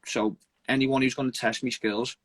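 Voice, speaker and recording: A young man, an amateur fighter, talking earnestly in a casual interview with halting restarts and casual swearing. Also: mid-range voice, steady tone, dry recording. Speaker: amateur MMA fighter, guest.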